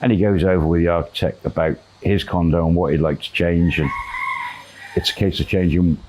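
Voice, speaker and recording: A man telling a long story in a relaxed, rambling way, with fillers and quoted dialogue. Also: low-pitched, a little fast, background noise. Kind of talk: casual spoken storytelling.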